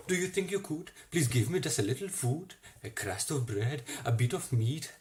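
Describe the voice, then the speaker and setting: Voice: mid-range voice, animated, darkish tone, close to an everyday voice. An actor, recording at home, voicing a starving male anteater who pleads for food, then gloats. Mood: pleading. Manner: wheedling and hungry, rushed then gloating.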